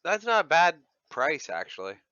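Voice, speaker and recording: A man hosting a livestream in loose, filler-heavy banter, his voice bright and forward. The sound is dry and a bit dull, like lo-fi stream audio from a desk mic. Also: fairly high pitch, sing-song, normal speed, smooth, no echo. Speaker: livestream host. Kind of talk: casual voice-chat banter.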